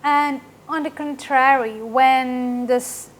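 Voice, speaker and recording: A woman teaching an English grammar lesson, explaining slowly and often checking with "right?". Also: high voice, fairly even intonation.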